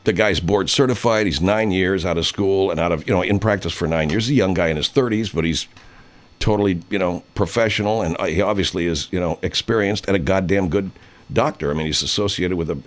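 A radio host over fifty with a low voice talks a little fast, rambling through a profane story in casual conversation. When quoting others, he slips into put-on voices.

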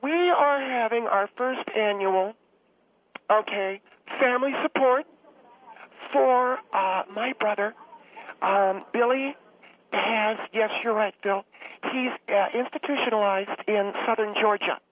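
A man's voice: high voice, slow pace, no room sound, pitched above the performer's own voice. A man voicing a fawning, rambling middle-aged woman caller who gets choked up easily. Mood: gushing. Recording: tinny phone line.

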